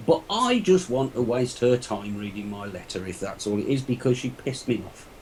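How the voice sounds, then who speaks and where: A man's voice: mid-range voice, expressive, moderate pace, darkish tone, poor audio. A man with a mid-range voice rants bluntly on a casual panel chat. He sounds exasperated, and a faint hum of noise sits under him. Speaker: panel guest.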